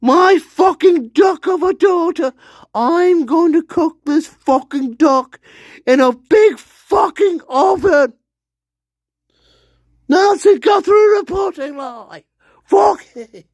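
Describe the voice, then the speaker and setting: A woman puts on a shrill, enraged abducted mother who curses and rants from her tomb in a comedic impression. The voice sits high and drawls slowly. The sound is dry and close. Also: no room sound. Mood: ranting. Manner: furious, profane shouting rant.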